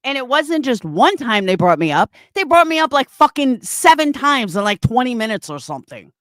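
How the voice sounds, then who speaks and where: A woman's voice: on the high side, big pitch swings, moderate pace, a bit bright, no room sound. A woman hosting a livestream, ranting angrily and swearing constantly as she answers her chat, often repeating herself. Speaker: livestream host reading chat. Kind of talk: angry livestream rant.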